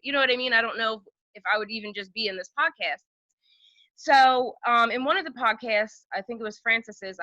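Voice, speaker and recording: A woman's voice: on the high side, pushed and bright, no room sound, dull audio. A woman in her thirties, a podcast guest chatting and telling long stories with fillers and laughs. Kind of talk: casual storytelling chat.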